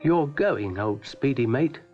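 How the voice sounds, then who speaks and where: A man's voice: medium pitch, lively intonation, slow pace, husky, faint music behind. An actor voicing a cheerful, vulgar male snail in a 1970s children's TV show, in a teasing manner. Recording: dull lo-fi archive recording.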